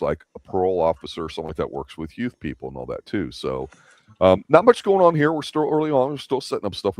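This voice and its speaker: A man's voice: deep voice, a little mellow, no room sound. A man hosting a casual TV review chat, rambling and opinionated with lots of restarts. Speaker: host of a TV review show.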